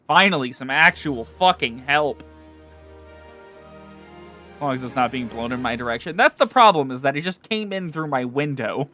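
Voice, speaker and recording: A man's voice: medium pitch, lively intonation, normal speed, long pauses, pushed and bright, soft background music. A man streaming a game, reading its dialogue aloud and chatting casually with profane asides. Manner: casual, profane asides between read lines.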